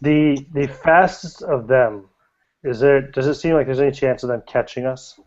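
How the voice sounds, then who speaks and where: A man's voice: mid-range voice, normal speed, a little mellow. A man playing a tabletop game, asking the game master questions. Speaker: player. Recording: lo-fi audio.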